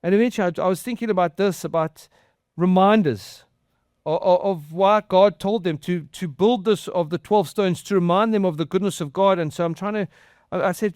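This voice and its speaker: A man preaching a conversational sermon as pastor, earnest and halting, often repeating and restarting his words. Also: sits high, darkish tone, clean tone, no echo, clean studio sound. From outside the US.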